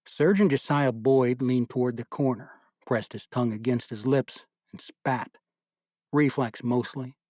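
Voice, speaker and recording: A man narrating an audiobook in a measured, deliberate storytelling manner. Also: medium pitch, a little mellow, no echo, studio quality.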